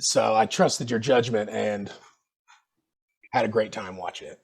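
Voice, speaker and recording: A man with a gravelly, husky voice, chatting in a friendly way on a movie podcast. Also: lowish voice, steady tone, unhurried. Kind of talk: casual movie chat.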